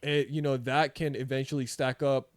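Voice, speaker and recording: A man's voice: mid-range voice, flat delivery, normal speed, no echo. A man hosting a podcast interview, chatty and encouraging, peppering his talk with "you know" and "man". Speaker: podcast host.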